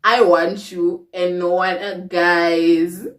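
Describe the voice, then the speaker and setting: A young woman telling a personal story to her viewers in a casual, expressive way, laughing often. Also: on the low side, extremely slow, distant mic, slight background noise. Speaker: storytime vlogger. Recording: roomy echo, away from the mic.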